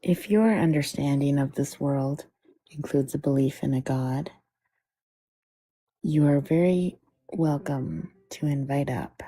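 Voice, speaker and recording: A woman's voice: rumbling low, slow, mellow, slightly rough, no room sound. A woman co-hosting a casual live stream, easygoing and often laughing. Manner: giggly, easygoing. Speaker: co-host.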